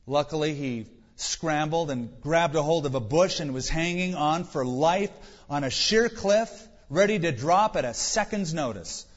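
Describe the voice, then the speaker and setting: A male pastor preaching a sermon, driving points home with emphatic rhetorical questions. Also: fairly high pitch. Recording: dull reverberant hall recording.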